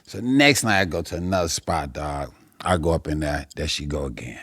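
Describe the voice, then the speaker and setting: A man guesting on a podcast as a comedian, telling stories in an animated, profane way and acting out the people in them. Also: a bass voice, a little fast, breathy edge, dry recording, clean studio sound. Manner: animated, profane, acts out the characters in his stories. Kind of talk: storytelling in a podcast chat.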